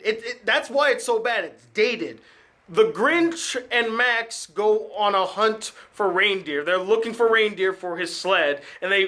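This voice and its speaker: A man hosting his own channel, giving a casual, sarcastic film review with animated ranting. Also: high voice. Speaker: film critic and channel host.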